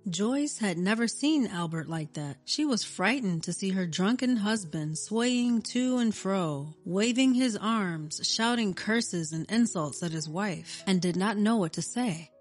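A woman reading a scripted story in a steady, even narration. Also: medium pitch, measured pace, few pauses. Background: faint music.

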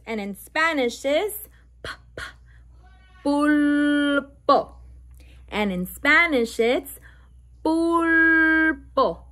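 Her voice is high-pitched with a fairly bright tone as she reads a bilingual picture book aloud to little ones. Each letter sound gets slow, careful stress, and she adds playful animal noises along the way.

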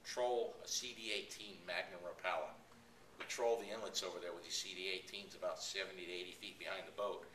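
A middle-aged man, a fishing guide, giving a lively and jokey casual talk to a club audience. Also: sits low, fairly quick, slight background noise. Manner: animated, jokey, laughs at his own stories. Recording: echoey room, mic at a distance, faint ambience.

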